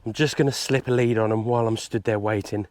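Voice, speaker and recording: A man's voice: on the low side, fairly even intonation, fast, a little mellow, dry recording. Chatty Englishman talking outdoors. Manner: chatty and easygoing, explains as he goes. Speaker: vlogger and gundog handler. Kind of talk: casual chat to camera. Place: outdoors on a country estate.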